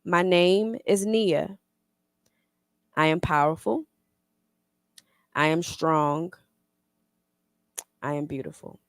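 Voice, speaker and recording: A woman reading her own spoken word poem slowly and deliberately, then leading a youth poetry circle. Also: deep voice, no echo, studio quality. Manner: slow, deliberate poetic delivery. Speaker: workshop facilitator.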